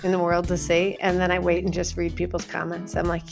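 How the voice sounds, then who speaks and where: Low gravelly mom on a podcast, blunt, swears a lot, lots of likes and you knows. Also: female voice, completely flat delivery, brisk, over loud music. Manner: frank and profane, many fillers and restarts. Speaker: guest, parenting content creator. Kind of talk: casual podcast chat.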